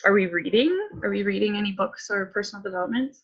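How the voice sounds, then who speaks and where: A woman's voice: mid-range voice, expressive, fast, breathy edge, highs cut off. A woman coach leading a casual group check-in, chatty and candid, full of likes and ums.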